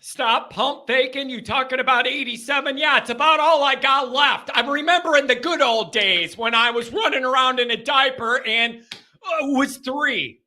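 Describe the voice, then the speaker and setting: Male call-in host in his thirties, high bright voice, rambling jokey rants. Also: moderate pace. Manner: rambling, animated, jokey rants with sudden shouts. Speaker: host of a call-in sports show. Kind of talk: casual chat reading fan comments.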